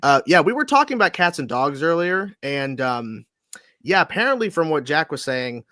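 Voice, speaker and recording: Animated casual male livestream host. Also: fairly high pitch, normal speed, no room sound, clean studio sound. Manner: lively, animated, laughs often. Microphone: video call.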